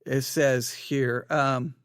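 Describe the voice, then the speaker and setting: A man hosting a channel, reading viewer comments aloud and answering them in an animated, exasperated way, with frequent stammered restarts. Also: mid-range voice, drawn-out words, clean tone, no room sound, studio quality.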